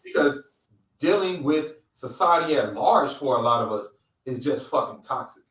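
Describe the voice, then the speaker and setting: Expressive and a bit bright, his mid-range voice moves at a moderate pace. He's a middle-aged Californian co-hosting a laid-back podcast roundtable, cursing freely and telling stories bluntly and with emphasis. The mic is distant and the room sound is roomy.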